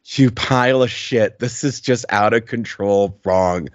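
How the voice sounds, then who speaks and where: A man's voice: on the low side, a little slow, hardly any pauses, dry recording, muffled recording. A man co-hosting a podcast in casual chat, blunt, profane and mocking as he reviews an album. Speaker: podcast co-host.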